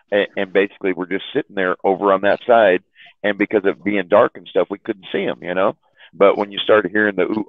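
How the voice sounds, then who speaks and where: Man, deep voice, loose profane yarn-spinner on a call; phone-thin audio. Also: dry recording. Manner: rambling, profane, repeats words, laughs at own stories. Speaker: chat room host telling stories. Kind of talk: casual storytelling on a call. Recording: tinny phone-line sound.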